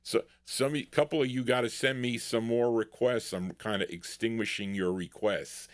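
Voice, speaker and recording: A man's voice: mid-range voice, steady tone, normal speed, dry recording, clean studio sound. A man hosting a live record show, chatting casually and rambling as he introduces songs and reads listener requests. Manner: rambling, thinking aloud, reading chat requests. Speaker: radio-style show host playing records.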